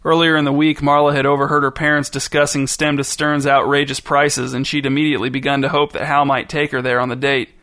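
A man reading a story aloud in a measured, deadpan narration. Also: mid-range voice, no room sound, studio quality. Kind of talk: scripted narration.

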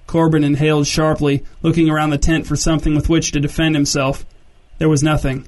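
A man reading a story aloud as narrator, in a steady scripted delivery. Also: a little high, brisk.

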